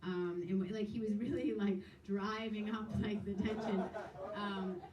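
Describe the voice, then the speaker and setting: A woman's voice: mid-range voice, steady tone, a little slow, muffled recording, a crowd in the background. Self-deprecating woman with a Long Island accent. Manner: self-deprecating, rambling, giggly. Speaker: comedy host. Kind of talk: stand-up crowd work. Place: small comedy club stage. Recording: echoey club heard from a distance. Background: audience laughter and room noise.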